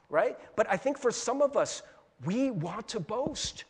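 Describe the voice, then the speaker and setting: A high, lively male pastor with a husky edge, preaching in a chatty, animated way that jumps into little acted-out inner voices. His voice rings with the long reverb of a church hall. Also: measured pace. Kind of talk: sermon.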